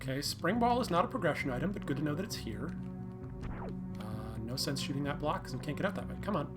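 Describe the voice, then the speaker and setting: A tired man streaming a game, thinking aloud in a relaxed, self-deprecating way. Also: a little high, fast, loud music behind the voice. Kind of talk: casual live-stream commentary.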